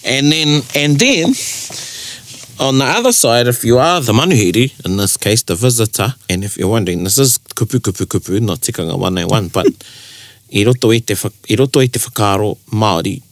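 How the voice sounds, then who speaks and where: A man's voice: lowish voice, animated, fairly quick, dry recording. A New Zealand man co-hosting a casual language chat, explaining by acting out example phrases. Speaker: te reo Māori podcast co-host. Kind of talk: casual conversational teaching.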